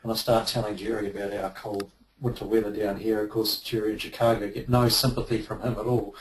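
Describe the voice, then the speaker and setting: A man's voice: on the low side, flat delivery, fairly quick, a little hiss or hum, poor audio. A man, a guest from New Zealand, chatting easily with some hesitation. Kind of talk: casual chat.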